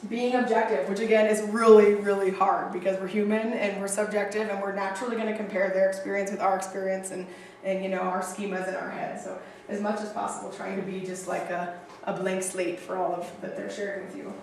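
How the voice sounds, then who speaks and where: A woman teaching counseling skills to a group, chatty and animated with frequent fillers and asides. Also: mid-range voice, a little fast, slight background noise. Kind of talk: casual training lecture. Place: training room with a group. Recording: echoey room, distant mic.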